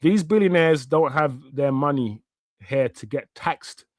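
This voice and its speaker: A man's voice: a little high, measured pace, no room sound. A man, hosting a live watch-along stream in a heated, slang-filled rant that often swears. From Jamaica. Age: 50s.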